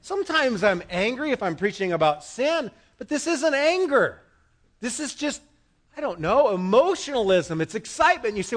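High-voiced, animated preacher. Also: male voice, normal speed. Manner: swings from loud proclaiming to quiet asides with the congregation. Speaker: pastor. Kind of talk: sermon. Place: church sanctuary. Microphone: microphone.

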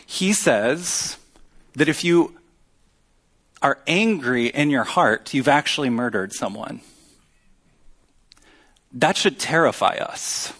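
A man preaching a sermon as pastor, earnest and teaching, with emphatic pauses. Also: mid-range voice, expressive, fairly bright tone.

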